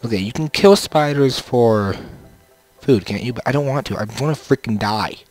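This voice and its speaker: A young man with a medium-pitched, slightly mellow voice speaks at a moderate pace over a headset, casually commenting on his own gameplay. He rambles to himself with playful sing-song bits while game music plays underneath.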